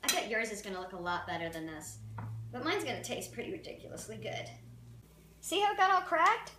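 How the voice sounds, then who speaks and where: Brief: playful woman host of a home cooking demo, high voice, mic far off in a roomy kitchen. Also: lively intonation, brisk. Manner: chatty, playful, self-deprecating. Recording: roomy, distant, noisy kitchen recording.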